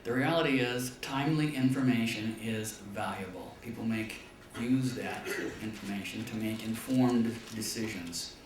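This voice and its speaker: In an echoey classroom or lecture hall, recorded from a distance with faint noise, a man gives a business talk full of anecdotes. He speaks at normal speed with hardly any pauses, putting on a high voice to act out dialogue.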